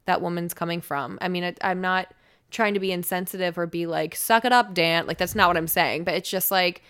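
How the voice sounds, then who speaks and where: A young woman, a radio personality appearing as a podcast guest, speaks fairly quickly in a lowish, level voice with a clean, fairly bright tone. In casual conversation she tells a long-winded story and acts out the people in it.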